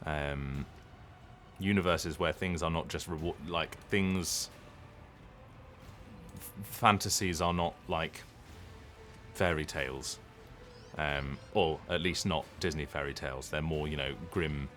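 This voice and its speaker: A voice actor chatting casually on a live stream, rambling and hesitant with lots of ums and restarts. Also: male voice, rumbling low, slow pace, long pauses, fairly bright tone, soft background music.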